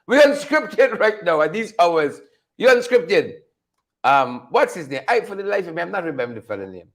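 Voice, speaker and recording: Male host, high-pitched, unscripted mocking commentary full of laughter. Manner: mocking, laughs often, repeats phrases for effect. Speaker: show host.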